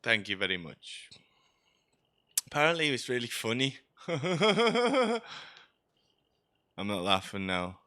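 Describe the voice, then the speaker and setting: Bright-voiced chatty man. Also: medium pitch, sing-song, takes it slowly, long pauses, no room sound, clean studio sound. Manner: chatty, joking, sarcastic asides. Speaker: streamer. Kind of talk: rambling gameplay commentary.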